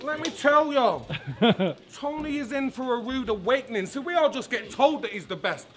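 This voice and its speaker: Lively, high rapper over a crowd. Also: male voice, normal speed. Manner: cocky, mocking trash talk. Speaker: battle rapper. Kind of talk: live rap battle verses. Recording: loud crowd behind the voice.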